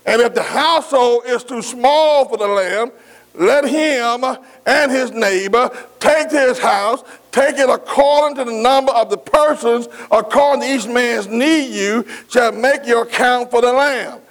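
High-voiced man preaching with emphatic amens. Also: measured pace. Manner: emphatic, repeats phrases and calls amen to the congregation. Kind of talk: sermon.

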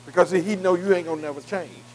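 A man's voice: high-pitched, quick pace, low-quality recording. A man teaching a Bible class in sermon style, earnest and plain-spoken, asking his listeners to fill in words and checking with them again and again. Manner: call-and-response fill-in questions; repeated "am I right?" checks with listeners.

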